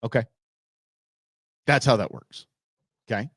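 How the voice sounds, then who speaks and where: A man hosting his own show, giving blunt, animated opinion commentary from Arizona. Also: mid-range voice, unhurried, husky, no echo, clean studio sound. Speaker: show host.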